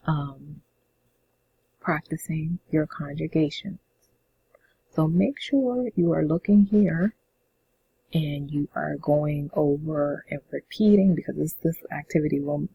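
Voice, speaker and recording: Gravelly-voiced Spanish teacher checking in constantly. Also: medium pitch, narrow, tinny audio. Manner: checks in often with "okay?"; patient, repetitive step-by-step explaining. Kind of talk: classroom-style lesson explanation.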